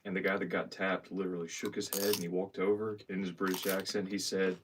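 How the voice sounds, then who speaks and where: A man casually telling a story to a streamer in an animated way. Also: sits low, a little fast, few pauses. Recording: distant off-mic voice with faint noise.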